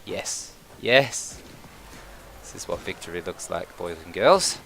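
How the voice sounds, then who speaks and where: A man's voice: sits low, big pitch swings, slow pace, creaky, fairly bright tone, slight background noise. A man commentating his own strategy game, thinking aloud, swearing casually and bursting into cheers when things go his way. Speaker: gameplay commentator. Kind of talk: casual let's-play commentary.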